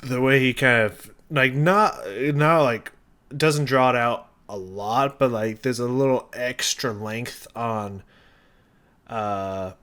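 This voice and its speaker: Male reaction host, casual song breakdown, halting and rambling, restarts often. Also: mid-range voice, fairly bright tone, clean tone. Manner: rambling, thinking aloud with many restarts and fillers. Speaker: music reaction youtuber.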